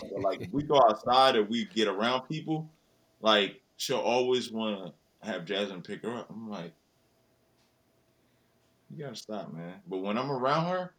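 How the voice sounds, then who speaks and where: A man's voice: lowish voice, animated, moderate pace, a bit bright. A young man, a father, chatting casually about his daughter in a slangy, profane, laid-back way. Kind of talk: casual chat.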